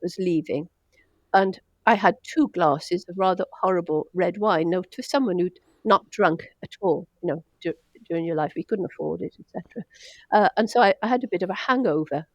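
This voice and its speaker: A woman's voice: fairly low pitch, fairly quick, no echo. An older woman from Wales, a doctor telling stories in an interview, chatty and self-deprecating. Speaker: doctor, guest. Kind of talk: casual storytelling interview.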